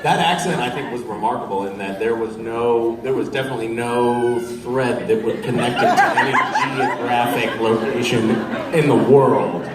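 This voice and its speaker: A man's voice: medium pitch, moderate pace. A man on a convention panel answering a fan with wry, self-mocking humor. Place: large convention hall. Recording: echoey hall from far off, crowd and noise.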